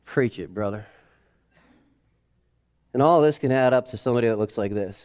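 A man in his forties preaching a sermon in a casual, animated way, acting out family scenes. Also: medium pitch, normal speed, lo-fi sound. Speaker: pastor. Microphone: headset or lapel mic.

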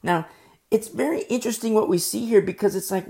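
A middle-aged woman leads a Bible study sermon in a relaxed, conversational style, her medium-pitched, creaky voice moving fairly quickly. She repeats key phrases and stammers when excitement takes over.

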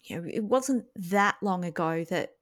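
A woman co-hosting a podcast, chatting casually and animatedly about a TV episode. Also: fairly low pitch. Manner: chatty, animated, jumps in with quick reactions. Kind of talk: casual chat.

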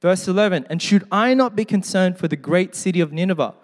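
Chatty pastor, higher voice, reverberant hall. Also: male voice, brisk. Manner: conversational, joking asides; reads scripture aloud. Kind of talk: sermon.

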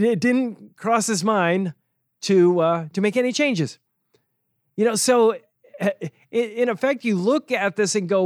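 A man with a fairly high voice talks casually as a host, explaining things step by step. His asides turn sarcastic and he chuckles often. The sound is dry and close. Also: no room sound. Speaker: podcast host and financial educator.

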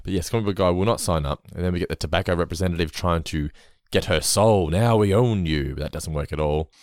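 A man co-hosting a podcast, chatting casually and getting animated, swearing when he's worked up. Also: sits low, quick pace, no echo, clean studio sound. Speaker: podcast co-host. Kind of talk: casual chat recapping an episode.

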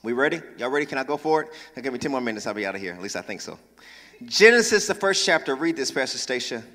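A man preaching a sermon as pastor, talking with lively energy, joking asides with the congregation and emphatic calls to action. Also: mid-range voice, quick pace. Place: church sanctuary. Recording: long reverb in large church.

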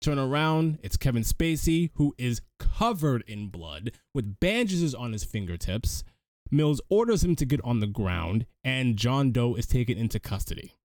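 A man on a podcast recapping a film in casual chat, an animated storyteller who restarts his sentences often. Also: mid-range voice, moderate pace, no echo, clean studio sound. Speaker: podcast co-host.

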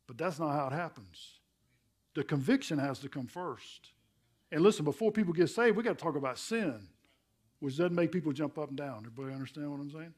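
A man's voice: a little high, quick pace, a little mellow. A middle-aged male pastor preaching a sermon in a conversational way, asking the congregation rhetorical questions and repeating words for emphasis.

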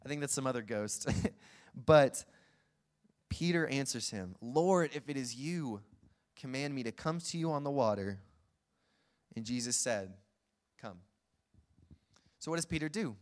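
A man's voice: mid-range voice, slow, pauses often. Man preaching with playful storytelling. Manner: lively storytelling, acts out scenes, chuckles often. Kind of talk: sermon.

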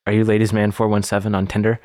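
A man's voice: on the low side, monotone, rapid-fire, a little mellow, no room sound, studio quality. A man hosting a podcast in casual chat, joking and laughing often. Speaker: podcast host. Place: room, recorded in person with co-hosts.

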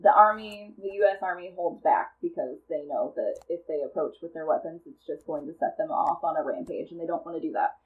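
A woman co-hosting a comedy podcast, casually pitching a movie plot with lots of fillers and frequent laughter. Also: brisk, hardly any pauses, phone-quality sound. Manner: rambling storyteller, laughs often, many fillers.

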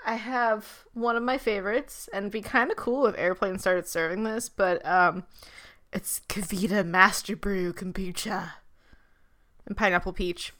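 A woman co-hosting a travel podcast in casual chat, teasing her co-host in quick, playful banter. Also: mid-range voice, fairly bright tone.

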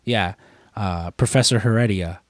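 A man's voice: on the low side, a little slow, no echo, studio quality. A man co-hosting a podcast, telling a rambling story in casual chat and swearing freely. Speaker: podcast co-host.

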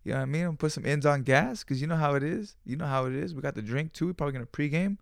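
A man's voice: a little high, very fast, creaky, dry recording. A man in his twenties telling a rambling, profane story in slangy casual talk, acting out bits of dialogue. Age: 20s. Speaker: podcast host.

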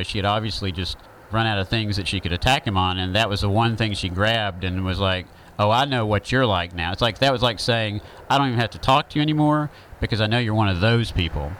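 A man's voice: lowish voice, a bit bright, slight background noise, rough recording. A man with a Southern accent, talking through an opinion monologue in a rambling, conversational way with many fillers.

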